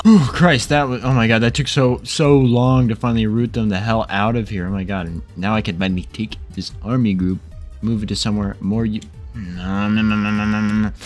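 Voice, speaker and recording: Young male gamer, lowish voice, excitable and profane, light music underneath. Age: young adult. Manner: excitable, swearing, quick mood swings. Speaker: gaming video creator. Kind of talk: casual strategy game commentary.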